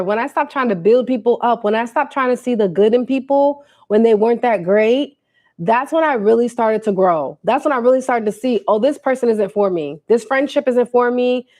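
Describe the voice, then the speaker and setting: A young woman, telling a casual storytime on a livestream and acting out what people said. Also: on the high side. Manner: animated, quotes people in put-on voices, talks to viewers. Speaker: livestream host.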